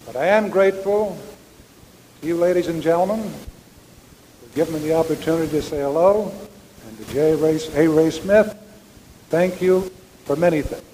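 Older guy telling old ballplayer stories at a banquet, kinda high voice, faint hiss behind. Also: moderate pace, long pauses, dark tone. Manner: folksy storytelling, addresses the audience directly. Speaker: former ballplayer giving a speech. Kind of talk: after-dinner anecdote speech. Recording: reverberant hall with faint background noise.

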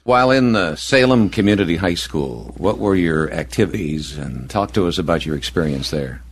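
A man's voice: sits low, animated, normal speed, slight background noise. A man interviewing someone for an oral history, asking short, plain questions.

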